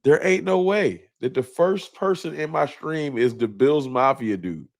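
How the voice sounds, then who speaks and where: A man's voice: medium pitch, lively intonation, unhurried. A man hosting a live stream in a casual, laughing way, greeting viewers by name while his nose is stuffed up from a cold. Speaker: livestream host.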